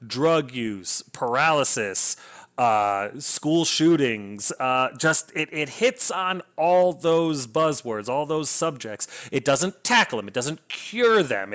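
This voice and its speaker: A man's voice: on the high side, fairly bright tone. A man casually reviewing a novel, enthusiastic and rambling, often restarting his sentences. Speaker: book reviewer.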